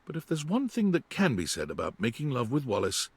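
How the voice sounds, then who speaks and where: A man's voice: medium pitch, wildly swooping pitch, a little fast, slightly rough, exaggerated voice. A man narrating a video game in a wry, storytelling manner. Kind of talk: scripted narration.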